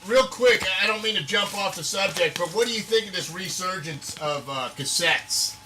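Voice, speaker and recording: A man's voice: high-pitched, normal speed, background noise. A man asking casual interview questions, hesitant and full of fillers.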